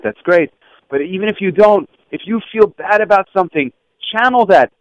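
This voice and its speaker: A man teaching schoolchildren through stories, lively and acting out the voices of people in them. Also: no room sound. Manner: animated, acts out quoted voices with raised pitch. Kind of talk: storytelling lesson. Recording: dull lo-fi, dry.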